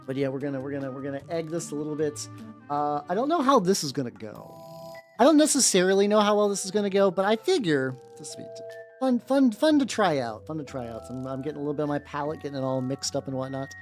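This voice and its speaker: Rambling, lively livestream chatter. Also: medium pitch, fast talker, soft background music. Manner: rambling, chatty, swears casually, greets viewers. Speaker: streamer painting miniatures. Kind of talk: casual livestream chat.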